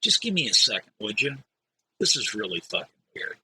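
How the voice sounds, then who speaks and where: A man's voice: on the low side, sing-song, fairly quick, sharp tone, a little hiss or hum, heavily acted, rough recording. A man reading aloud as a sarcastic, irritable male test patient who swears a lot. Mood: irritated.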